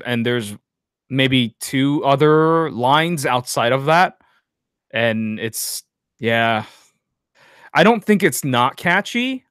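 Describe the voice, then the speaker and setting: A man's voice: medium pitch, a bit bright, clear, resonant tone, no echo, studio quality. A man co-hosting a casual podcast, bluntly giving his opinions on music videos in a chatty way full of fillers. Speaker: podcast co-host.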